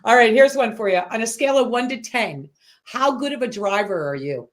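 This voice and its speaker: A woman's voice: fairly high pitch, lively intonation, a little fast. A woman from Massachusetts hosting a casual online chat, laughing often and filling gaps with "um". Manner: chatty, laughs often, many "um" fillers. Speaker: host. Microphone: online video call.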